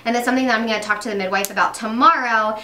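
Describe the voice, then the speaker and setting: A woman's voice: a little high, fairly even intonation, very fast, pushed and bright, reverberant, recorded from a distance. A young pregnant woman chatting casually while doing her makeup, upbeat, with lots of fillers and restarts. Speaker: beauty vlogger.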